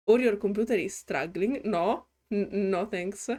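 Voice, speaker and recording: A woman's voice: medium pitch, takes it slowly, pauses often, a little mellow. A woman with an Italian accent, chatting playfully while starting a new game as a gaming YouTuber. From Italy. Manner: playful and chatty, hums to herself. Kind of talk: casual game commentary. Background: faint game music.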